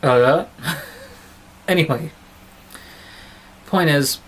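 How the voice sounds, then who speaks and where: A man's voice: fairly high pitch, drawn-out words, fairly bright tone, slight background noise, low-quality recording. A man giving a casual film review on his vlog, talking in a rambling, digressive, chatty way.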